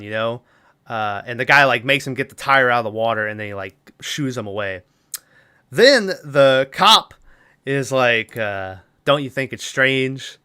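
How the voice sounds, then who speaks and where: A man's voice: mid-range voice, bright, forceful tone, smooth. A man co-hosting a podcast, casually recapping a film's plot in a rambling way, laughing often and acting out lines. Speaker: podcast co-host.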